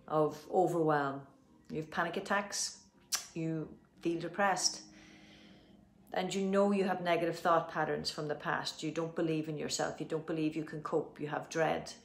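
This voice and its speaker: A woman with an Irish accent leading a guided tapping session, giving gentle instructions and slow, soothing affirmations. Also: low-pitched, a little hiss or hum. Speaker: tapping practitioner. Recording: roomy echo.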